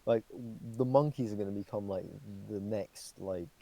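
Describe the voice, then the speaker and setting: A man's voice: fairly low pitch, normal speed, warm tone, dry recording, rough recording. A young man co-hosting a podcast, rambling through casual chat with lots of fillers and swearing. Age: young adult. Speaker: podcast co-host.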